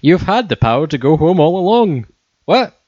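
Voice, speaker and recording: A man's voice: fairly high pitch, very animated, normal speed, darkish tone, no echo. A man in casual chat, rambling and joking with a lot of swearing. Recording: muffled, lo-fi, dry.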